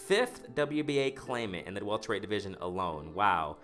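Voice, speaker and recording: A lowish-voiced man talks through the latest boxing news in a loose, slangy way. He keeps breaking off from the article to react, calling out to the viewers. Faint music plays underneath. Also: brisk, few pauses. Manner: excited, animated, talks to the viewers as "ladies and gentlemen"; slangy, full of fillers like "you know" and "man". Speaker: boxing commentary vlogger. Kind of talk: casual reaction commentary, reading a news article aloud.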